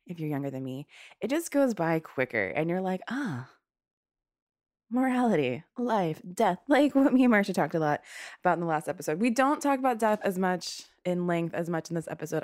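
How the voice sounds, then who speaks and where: A woman's voice: lowish voice, lively intonation, brisk, darkish tone, no room sound, studio quality. A young woman with a stuffy nose hosting a podcast, chatting candidly and rambling, a little winded. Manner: candid, rambling, swears freely. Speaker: podcast host. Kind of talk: casual chat.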